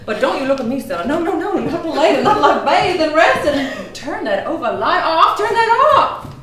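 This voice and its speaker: Actress as a high-voiced, fluttery faded Southern belle, stage play, echoey distant pickup. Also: female voice, sing-song, normal speed, crowd noise. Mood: giddy, fluttery. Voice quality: theatrical, fluttery. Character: faded genteel Southern woman, nervous and fluttery.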